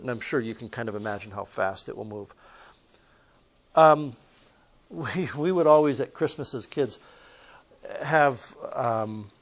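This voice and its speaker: A man teaching a physics lesson in a chatty way, putting questions to his listeners and adding personal stories. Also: mid-range voice. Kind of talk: recorded classroom lesson.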